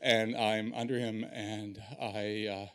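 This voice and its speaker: A man telling a personal story on stage in an animated, self-deprecating way. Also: lowish voice, takes it slowly, smooth.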